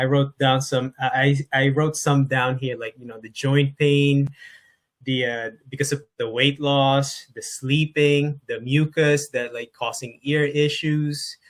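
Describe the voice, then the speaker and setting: A man's voice: mid-range voice, a bit bright. A man hosting a podcast interview, enthusiastic and casual, with frequent fillers like "like" and "you know.". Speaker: podcast host.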